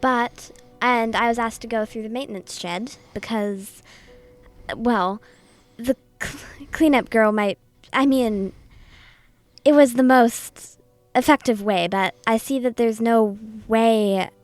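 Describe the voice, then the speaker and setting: A woman's voice: fairly high pitch, takes it slowly, dry recording, faint music behind. A woman voicing an adventurer who bluffs her way past a guard, hesitant and fumbling. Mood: bluffing.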